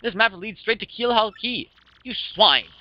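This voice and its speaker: A man's voice: sits high, animated, normal speed, voice pushed up. A man voicing a vain, flamboyant male merchant captain in a pompous, theatrical manner. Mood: haughty. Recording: dull lo-fi with music.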